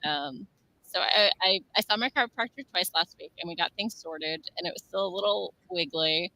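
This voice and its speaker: A woman's voice: on the low side, moderate pace, bright, forceful tone. A woman co-hosting a casual live stream, chatting and reading out comments from the chat. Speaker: stream co-host.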